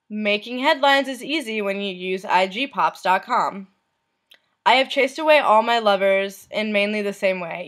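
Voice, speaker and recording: A woman vlogger reading messages aloud, in a soft, unhurried voice that trails off at the end of lines. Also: mid-range voice.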